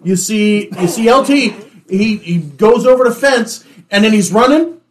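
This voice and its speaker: A man's voice: sits high, a little slow, a little hiss or hum. A man, a former police officer, telling a chase story in emphatic casual chat, swearing and restarting his sentences. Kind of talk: casual chat, moderating questions.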